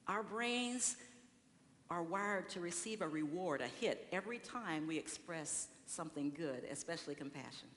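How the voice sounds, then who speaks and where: A woman's voice: fairly low pitch, animated, normal speed, fairly bright tone. A woman delivers a sermon from the pulpit of a large church, her voice carrying with a long echo and faint room noise behind it. She talks to the congregation conversationally, putting questions to them and acting out what people say. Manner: conversational preaching with rhetorical questions and acted-out quotes. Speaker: speaker at a church service.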